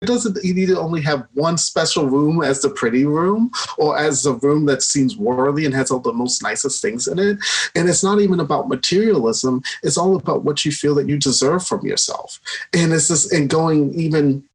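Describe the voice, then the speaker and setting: Man, podcast guest, fairly high voice, enthusiastic, rambling, laughs a lot. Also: normal speed, breathy edge. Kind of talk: casual conversation.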